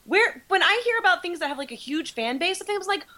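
A woman's voice: very high voice, expressive, fast talker, pushed and bright. Jokey woman podcast guest. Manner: jokey, laughing, easygoing. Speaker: podcast guest, video producer. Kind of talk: casual interview chat.

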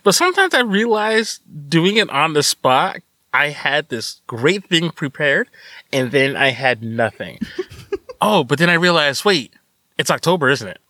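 A man's voice: a little high, sing-song, unhurried, pushed and bright, no echo, clean studio sound. A young man hosting a podcast, joking around and laughing through his lines. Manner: giggly, joking, breaks into laughter. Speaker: podcast host. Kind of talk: casual chat.

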